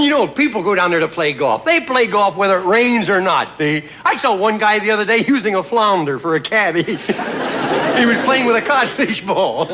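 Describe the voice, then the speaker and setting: A man with a high, bright voice tells folksy stand-up jokes on a television stage and keeps chuckling at his own punchlines. Studio audience laughter rolls in around him. The old broadcast carries a steady layer of noise under his voice. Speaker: comedian. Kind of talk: stand-up comedy monologue.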